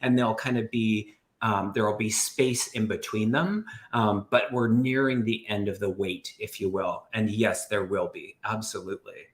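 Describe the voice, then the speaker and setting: A man who is a guest medium on a live stream, talking haltingly with many fillers and easy laughter. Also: lowish voice. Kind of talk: casual live-stream chat.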